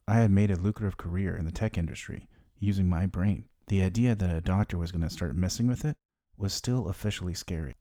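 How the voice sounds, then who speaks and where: A man's voice: low-pitched, dark tone, no echo. A middle-aged man hosting a podcast, telling his own story in wry, candid scripted narration into a close mic. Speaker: podcast host.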